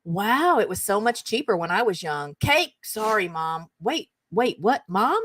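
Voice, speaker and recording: A woman's voice: medium pitch, sing-song, unhurried, a bit bright. A middle-aged woman hosting her own show, chattily reading funny texts aloud and breaking into giggles. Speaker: show host. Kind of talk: casual reading aloud and chat.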